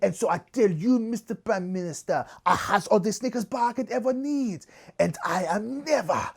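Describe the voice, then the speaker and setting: A man's voice: sits high, lively intonation, normal speed, gravelly, husky, full character voice. A man voicing a carefree, pantsless older French woman with a put-on French accent, breezy and unbothered. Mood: grand. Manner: breezy, unbothered, politely offhand. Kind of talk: comic impression in a story.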